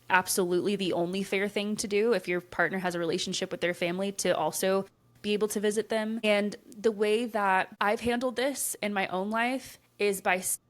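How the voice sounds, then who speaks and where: A woman co-hosting a podcast, giving earnest, conversational advice in casual chat, often checking in with "right?" and softening her points with "like". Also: medium pitch. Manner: firm and reassuring when giving advice.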